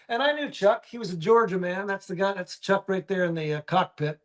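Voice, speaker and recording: A man with a fairly high voice telling stories in a relaxed interview. He acts out quoted dialogue with lively shifts and comes through on a phone or video call. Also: brisk, hardly any pauses. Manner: animated storyteller acting out quoted dialogue. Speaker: guest artist. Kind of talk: casual interview storytelling.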